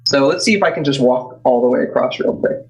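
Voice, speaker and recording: A man chatting casually while playing a game, with dry, low-key remarks. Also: lively intonation, fast talker, low-quality recording. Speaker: co-player. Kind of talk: casual let's play chat.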